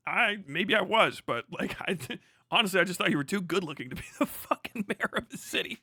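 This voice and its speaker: A man's voice: high voice, lively intonation, a little fast, pushed and bright, slightly rough, no room sound, clean studio sound. A young man live-streaming, swearing heavily in a heated, mocking rant. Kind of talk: profane ranting commentary on a live stream.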